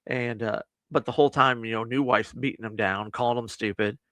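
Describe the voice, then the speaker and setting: A man co-hosting a casual movie review podcast, retelling the plot in lively fashion and acting out the characters' lines. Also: mid-range voice, fairly quick, no room sound. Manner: animated retelling, acts out quotes with laughs. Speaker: podcast co-host.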